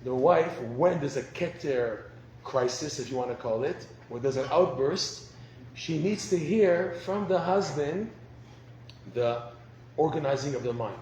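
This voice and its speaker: A man teaching a class on marriage, animated and laughing often. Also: a little high, unhurried. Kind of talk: lecture on marriage. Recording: roomy echo, faint background noise.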